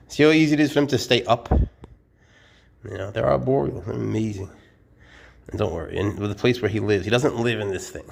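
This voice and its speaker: A man chatting casually while he handles his snakes, cooing at them and often dropping to a hushed murmur. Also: on the low side, brisk, gravelly. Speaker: snake keeper vlogger.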